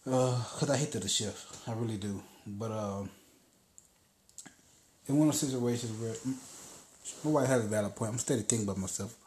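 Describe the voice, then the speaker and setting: A man's voice: mid-range voice, normal speed, pauses often, a little mellow, slight background noise. A man hosting a podcast, telling a story in a loose, casual monologue and swearing freely. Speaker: podcast host. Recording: roomy echo.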